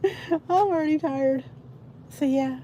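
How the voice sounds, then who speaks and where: A woman's voice: high-pitched, slow, dark tone, a little hiss or hum. A middle-aged woman hosting a casual livestream, chatting in a rambling, tired-sounding way to her viewers. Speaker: livestream host. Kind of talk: casual chat to a live audience.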